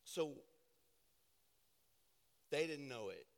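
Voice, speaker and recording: A pastor preaching a sermon, building to impassioned, shouted declarations in a church sanctuary. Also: male voice, a little high, very animated, drawn-out words, creaky. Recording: reverberant church hall with piano.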